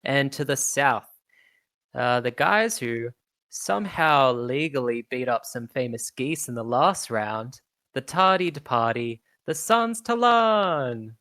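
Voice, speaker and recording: A woman voicing a pompous male tournament announcer who tries to calm a rowdy crowd. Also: extremely low pitch, slow, dry recording, heavily acted. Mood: grandiose. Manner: fussy, placating, announcer's flourish.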